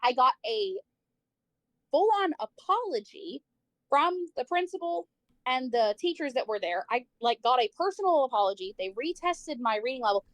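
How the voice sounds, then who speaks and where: A woman's voice: sits high, animated, moderate pace, fairly bright tone, no room sound. A woman livestreamer telling a personal story in casual chat, saying "like" a lot, swearing freely and acting out the people she quotes.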